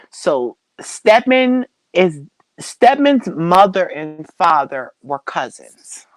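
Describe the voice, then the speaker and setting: Low-voiced woman telling her story, hesitant. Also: dry recording, low-quality recording. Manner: hesitant, repeats herself, many fillers. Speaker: interview guest. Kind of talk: personal storytelling in a talk show.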